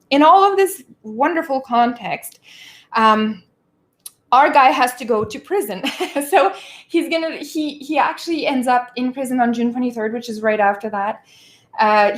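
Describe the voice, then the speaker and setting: Casual female streamer with a higher voice, animated and loose, talks history off the cuff. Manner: chatty and animated, laughs often, slangy asides. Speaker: livestream host. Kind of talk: casual political commentary on a book.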